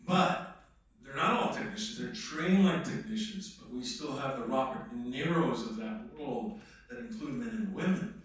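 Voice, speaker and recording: A man's voice: a little high, very animated, moderate pace, a bit bright. A man, an actor, speaking emphatically and conversationally to a workshop audience. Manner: emphatic, conversational, slips into mock voices. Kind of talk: animated talk to a live audience. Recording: echoey room, voice from a distance.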